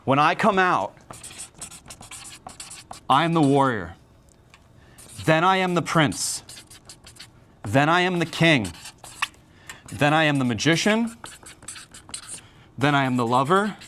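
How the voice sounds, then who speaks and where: A man giving a workshop talk at a convention. He speaks energetically and conversationally, keeps tagging his points with quick questions to the room, and shifts into showman patter when he demonstrates. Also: fairly high pitch, a little hiss or hum. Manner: energetic, conversational, many "right?" tags.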